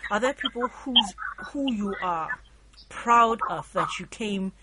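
A lively woman hosting a radio show, laughing easily and teasing her guest back. Her voice sits at a middling pitch, and clear background noise runs under it. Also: slow pace. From Nigeria. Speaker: radio host. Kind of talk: radio interview. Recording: noisy radio studio line.

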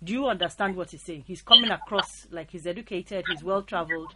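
A woman from Nigeria, hosting a radio interview, lively and quick to tease her guest. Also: fairly low pitch. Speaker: radio host. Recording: noisy radio studio line.

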